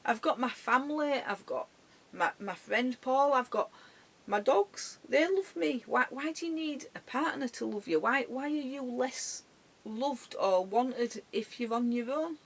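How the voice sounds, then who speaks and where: A tearful woman recording a personal vlog from her caravan bedroom, speaking haltingly with many restarts and soft, trailing words. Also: sits high, slightly rough. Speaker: dog owner. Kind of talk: emotional personal vlog tribute.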